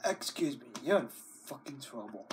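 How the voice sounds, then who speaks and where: A man ranting at his computer on camera, scolding over and over with repeated words, long wailing cries, and low growled, cursing threats. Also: expressive, moderate pace, noisy background. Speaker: video maker.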